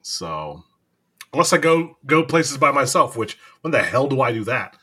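Dude on a podcast, super bright husky voice, swings up and down a ton, laughs all the time. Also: male voice, medium pitch, big pitch swings, normal speed. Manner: laughs often, rambling and teasing. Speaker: podcast co-host. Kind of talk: casual chat.

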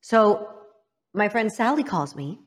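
A woman from Illinois telling her own story as an interview guest, frank and emphatic, dropping to a hushed voice for the painful memories. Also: medium pitch, sing-song, slow. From Illinois, United States. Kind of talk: candid personal storytelling.

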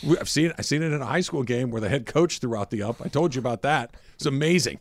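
Guy on sports radio, chatty and animated, mid pitch, dry studio sound. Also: fast, hardly any pauses, dry recording. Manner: animated storyteller, swings up and down in loudness. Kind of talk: casual sports talk.

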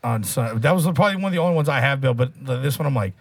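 A man's voice: mid-range voice, lively intonation, racing, vocal fry, dry recording. A man co-hosting a casual chat, ranting with heavy swearing. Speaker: podcast co-host.

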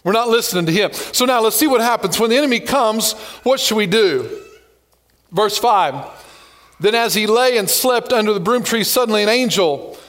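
A male pastor delivering an animated sermon in a high voice. He reads scripture, tells stories and drops playful jokes along the way. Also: normal speed. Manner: lively, animated preaching with joking asides.

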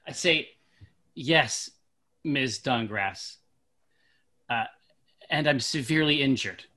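A man's voice: medium pitch, pushed and bright. A man playing in a tabletop game, rambling and joking as he speaks in character. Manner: rambling, jokey, quick asides. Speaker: player. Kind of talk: in-character play and casual chat.

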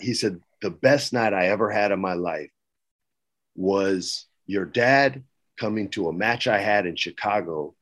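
A man's voice: on the low side, fairly bright tone. A middle-aged man, a podcast guest, telling stories in a casual way and acting out the quoted lines with a raised voice. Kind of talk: casual storytelling.

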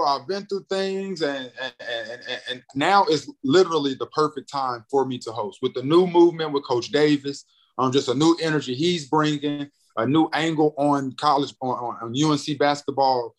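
A young man from North Carolina telling a story as a podcast guest, acting out the voices in it and often repeating words. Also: medium pitch. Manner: animated, acts out quoted voices, repeats words. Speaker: guest, radio and TV personality. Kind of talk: excited storytelling in a podcast chat.

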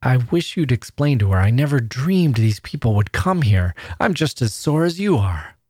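A man's voice: medium pitch, very animated, normal speed, darkish tone, husky, no echo, studio quality, voice pushed up. A man reading the part of a tense, remorseful middle-aged father who sounds strained and earnest. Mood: pleading.

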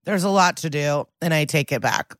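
A woman co-hosts a podcast in easygoing conversation. She banters quickly with her partner. Her voice sounds a touch distant but dry. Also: deep voice, no echo. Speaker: podcast co-host. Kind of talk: casual chat.

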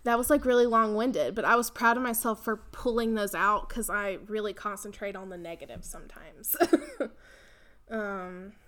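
A woman's voice: medium pitch, steady tone, moderate pace, fairly bright tone. A young woman, co-hosting a podcast in casual chat, rambling with lots of fillers and frequent laughter. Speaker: podcast co-host.

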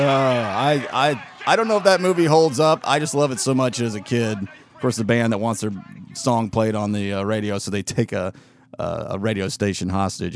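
A man hosting a show, telling a casual story in a rambling way, with lots of restarts and fillers. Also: medium pitch. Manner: rambling, self-interrupting, with fillers and laughs. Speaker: podcast host.

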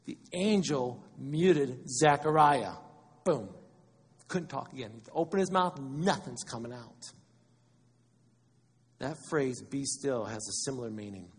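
Husky animated preacher man in echoey hall. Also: medium pitch, a little slow. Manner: animated, conversational preaching with acted-out quotes. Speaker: pastor. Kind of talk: sermon.

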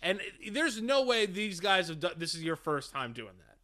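A man's voice: sits high, big pitch swings, moderate pace, pushed and bright. A man co-hosting a podcast, chatting crudely and laughing often. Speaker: podcast co-host. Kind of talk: casual comedic chat.

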